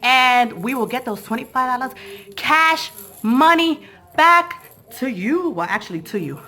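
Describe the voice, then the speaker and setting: A woman's voice: high-pitched, animated, unhurried, bright, forceful tone. A woman hosting a family vlog giveaway, playful and bubbly, laughing often and a bit out of breath.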